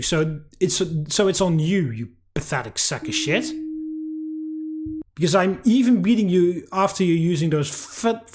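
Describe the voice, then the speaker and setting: A man giving profane, angry let's-play commentary while ranting at a game. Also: on the high side. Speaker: gaming YouTuber.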